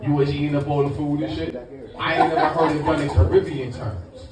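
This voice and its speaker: A man's voice: on the high side, steady tone, fairly quick. A middle-aged man from Brooklyn, doing a brash, profane stand-up set and teasing the crowd. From Brooklyn, New York. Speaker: stand-up comedian. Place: comedy lounge, live audience. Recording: echoey club from far off, music, crowd.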